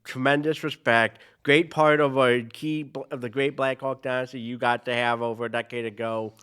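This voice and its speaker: A man co-hosting a laid-back sports talk show, with a very bright, forceful tone at a mid pitch. He is easygoing, drops in quick asides and lets his sentences run on. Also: steady tone, clean tone. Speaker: sports podcast co-host. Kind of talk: casual sports chat.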